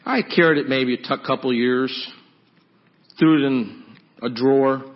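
A man's voice: mid-range voice, a little slow, muffled recording. A man preaching as a pastor, earnestly pleading and leading the congregation in prayer during an altar call.

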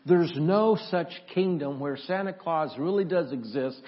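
A pastor telling a story in his sermon, animated, with restarts and questions to the congregation. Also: on the high side, a little slow, hardly any pauses. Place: church. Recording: dull lo-fi church audio.

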